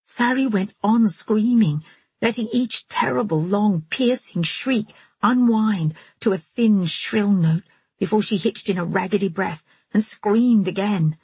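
A woman narrating a first-person story in a steady storytelling manner. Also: mid-range voice, unhurried, husky, no echo. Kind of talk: audiobook narration.

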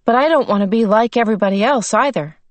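A woman's voice: on the high side, quick pace, no room sound, voice pushed up, lightly acted. A woman voicing a stubborn, frightened teenage girl who answers coldly and defiantly. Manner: defiant, cold.

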